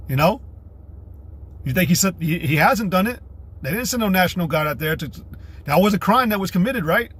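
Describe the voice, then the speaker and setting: Speaking through a streaming setup, a man from the United States mixes crude, blunt rants with passages of scripture read aloud. His voice runs somewhat high, a bit bright, and husky.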